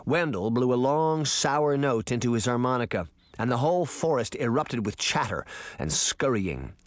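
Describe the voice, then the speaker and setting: A man reading a storybook aloud with an expressive delivery. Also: mid-range voice, normal speed, dry recording, clean studio sound. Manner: animated, expressive. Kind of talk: storybook narration.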